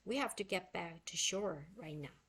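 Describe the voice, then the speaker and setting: A woman's voice: lowish voice, animated, normal speed, fairly bright tone, breathy edge, full character voice. A woman reading a storybook aloud, voicing a cautious, worried young boy in close to her own voice; her first language is Korean. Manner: fretful and practical.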